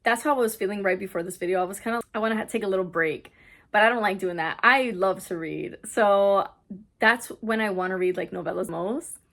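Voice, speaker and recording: A woman's voice: medium pitch, brisk. Chatty young woman book vlogger. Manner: chatty, excitable retelling full of "like". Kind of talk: casual reading vlog chat. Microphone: camera on a stand, not handheld.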